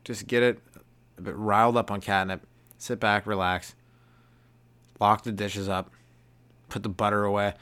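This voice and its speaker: Young guy comedian rambling, kinda low voice, swears a lot, laughs at his own jokes. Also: fairly bright tone. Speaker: comedian podcast host. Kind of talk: casual comedic monologue.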